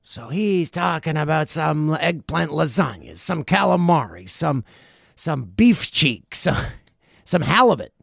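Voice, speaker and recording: Forties male podcast host, lively storyteller with a gravelly voice, dry close sound. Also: a little high, measured pace, no echo. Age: 40s. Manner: animated, profane, laughs through the telling. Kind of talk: casual storytelling.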